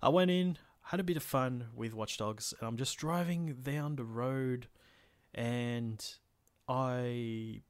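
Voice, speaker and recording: A man's voice: medium pitch, takes it slowly, clean tone, dry recording. A man, telling a story in a casual podcast chat, full of fillers and swearing. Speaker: podcast co-host.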